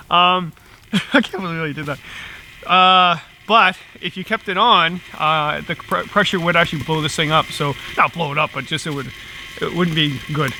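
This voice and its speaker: A man's voice: fairly high pitch, bright, forceful tone, a little hiss or hum. A middle-aged man chatting casually outdoors in the woods as he makes tea over a small stove, chuckling often between rambling asides. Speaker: outdoor vlogger. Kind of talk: casual chat while camp cooking.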